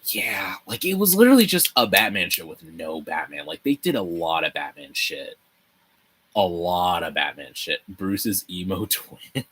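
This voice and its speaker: A young man with a deep, unhurried, breathy voice hosts a relaxed livestream, building a set as he talks with viewers. His chatter is animated and rambling, peppered with free swearing and frequent laughs.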